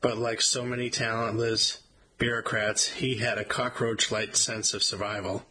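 A man reading a first-person memoir aloud in a wry, measured storytelling manner. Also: fairly low pitch, flat delivery, pushed and bright, a little hiss or hum, rough recording. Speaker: audiobook narrator.

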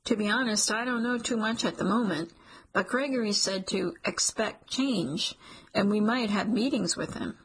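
A woman narrator doing a calm, wry male coworker who keeps an even tone. His advice comes with dry humor. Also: mid-range voice, normal speed, slightly rough, rough recording. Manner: dry, even-toned joking.

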